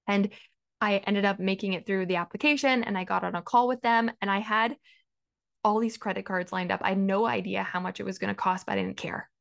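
A woman's voice: mid-range voice, steady tone, fairly quick, vocal fry. A woman hosting a podcast, sharing her story in an earnest, emotional way, often saying "like" and repeating words. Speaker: business coach and podcast host. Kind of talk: personal storytelling monologue.

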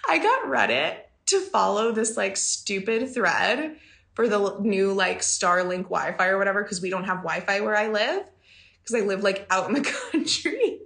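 Bright-voiced, chatty female business coach. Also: medium pitch, lively intonation, normal speed, vocal fry. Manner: chatty, laughs often, emphatic. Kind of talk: casual podcast talk. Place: home in the country.

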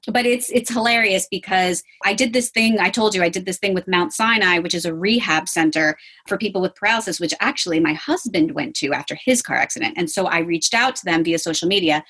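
A woman dietitian talking casually as an interview guest, animated and acting out what her clients say. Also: on the low side, fairly quick, breathy edge. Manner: animated, acts out quotes of clients.

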